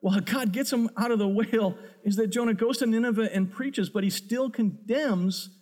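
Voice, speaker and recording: A man's voice: sits high, moderate pace, darkish tone. A man preaching a sermon as a pastor, earnest and emphatic.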